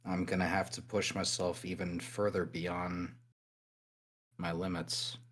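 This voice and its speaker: A man playing a low, resolute robot warrior. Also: level tone, unhurried, a bit bright. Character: determined male robot warrior pushing his limits.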